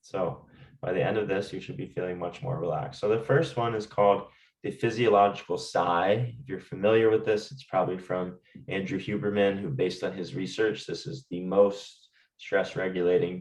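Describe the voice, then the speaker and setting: A man calmly teaching stress management and guiding listeners through breathing exercises, often checking in with "right?". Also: sits low, moderate pace, reverberant, recorded from a distance, rough recording. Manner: calm, talks directly to listeners with fillers and "right?". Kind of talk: guided lesson with breathing exercises.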